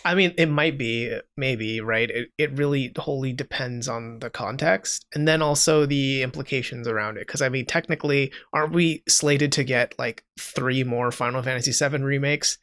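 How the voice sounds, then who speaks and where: A man's voice: medium pitch, normal speed, few pauses, a bit bright. Easygoing man thinking aloud on a podcast. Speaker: podcast co-host. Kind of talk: casual chat.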